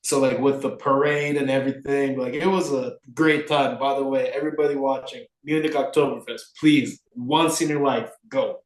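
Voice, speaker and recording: A young man co-hosting a podcast, telling a story in a lively way with many fillers. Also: medium pitch, normal speed, hardly any pauses, roomy sound, rough recording. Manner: animated, filler-heavy storytelling. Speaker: podcast co-host. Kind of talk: casual storytelling chat.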